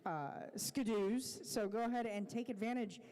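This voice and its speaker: A roller derby announcer introducing bouts and teams live in an easygoing, joking way, with many pauses. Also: mid-range voice, darkish tone, slight background noise.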